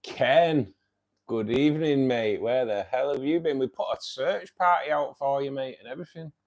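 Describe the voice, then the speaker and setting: A man's voice: medium pitch, normal speed, darkish tone. A man hosting a casual livestream. He reads out viewers' chat, says "mate" a lot and laughs often. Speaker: livestream host reading chat.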